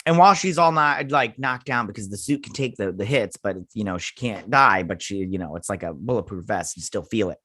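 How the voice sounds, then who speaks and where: A man's voice: on the low side, lively intonation, brisk, few pauses, sharp tone, no room sound, clean studio sound. A man hosting a casual review of a TV episode, ranting sarcastically and swearing. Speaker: host.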